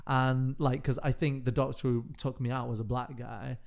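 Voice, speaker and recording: A young man telling a long deadpan comic story in a casual podcast chat. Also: medium pitch, normal speed, creaky. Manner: deadpan storyteller, slips into put-on voices. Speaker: podcast guest.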